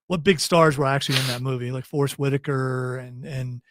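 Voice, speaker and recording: A middle-aged man hosting a podcast, chatting playfully about pop culture and firing off quick teasing questions. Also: mid-range voice, steady tone, a bit bright, dry recording. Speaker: podcast host. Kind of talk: casual pop-culture chat. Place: studio.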